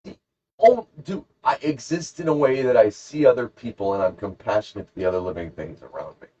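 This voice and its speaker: A man's voice: medium pitch, animated, a little fast, mellow. A man co-hosting a podcast who tells a rambling, jokey story in casual chat. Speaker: podcast co-host. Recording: dull lo-fi podcast recording.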